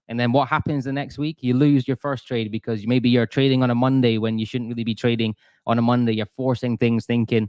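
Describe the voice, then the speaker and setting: A man chatting through a live trading stream in a mid-pitched voice. He rambles and restarts, mocks his own past mistakes and talks straight to viewers. The sound is dry and close. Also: fairly even intonation, quick pace, a little mellow, no echo. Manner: chatty, self-deprecating, lots of restarts. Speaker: forex trader streamer.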